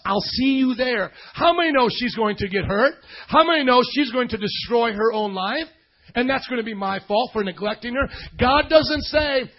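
A man preaching a lively sermon, acting out voices and shouting for emphasis. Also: extremely high pitch, husky, highs cut off. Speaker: pastor.

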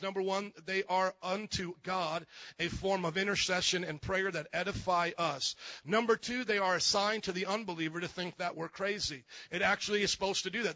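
A man preaching as pastor in an animated, joking sermon, acting out little quotes as he goes. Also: sits high, dry recording, lo-fi sound. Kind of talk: lively sermon.

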